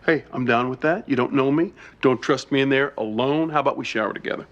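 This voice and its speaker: A cocky gym-rat flirt, played by a man who brags and leans on smarmy pick-up lines. His voice sits at a middling pitch. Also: fast talker, dull audio, lightly acted. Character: cocky muscle-bound ladies' man.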